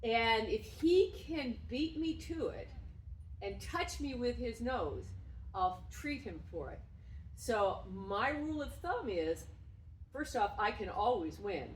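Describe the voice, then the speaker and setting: A woman dog trainer explaining and demonstrating games with her dog, breaking into loud, effusive praise. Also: fairly high pitch, very animated, slow, slight background noise. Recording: roomy sound from a distance.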